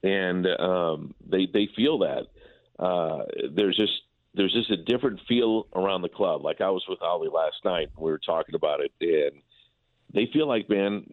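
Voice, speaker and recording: Male baseball broadcaster phoning in, deep voice, tinny phone audio, loose chatty delivery full of restarts. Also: dry recording. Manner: repetitive, stumbling restarts. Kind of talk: casual sports talk by phone.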